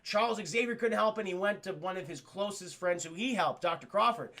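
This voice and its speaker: A man streamer casually recapping a story to his chat, rambling, profane and excitable. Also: high-pitched, fairly quick.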